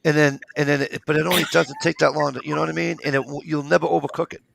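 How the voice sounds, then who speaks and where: A man's voice: fairly high pitch, flat delivery, very fast, creaky, a bit bright, a little hiss or hum. A man in casual chat who tells rambling stories and swears freely.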